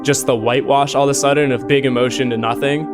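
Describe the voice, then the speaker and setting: A man's voice: mid-range voice, steady tone, quick pace. A man casually telling a personal story, rambling and shaken, with lots of filler words and swearing. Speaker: storyteller recounting a personal encounter. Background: eerie music bed.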